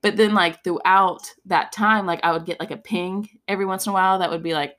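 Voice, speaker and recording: A woman's voice: mid-range voice, fairly even intonation, fairly quick, a bit bright. A woman co-hosting a podcast, telling a personal story in candid casual chat, peppered with "like". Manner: candid storytelling, heavy use of "like", swearing.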